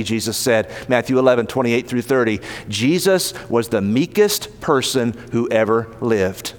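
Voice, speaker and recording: A man preaching a sermon as pastor, emphatic and rising in pitch to stress his points. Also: a little slow, hardly any pauses. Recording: long hall reverb.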